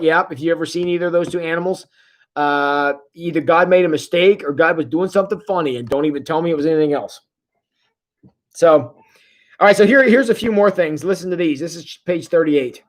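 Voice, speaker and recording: Joking pastor on a church stream, casual talk, lots of stops and restarts, reading out viewer comments. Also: medium pitch. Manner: jokey, conversational, halting restarts.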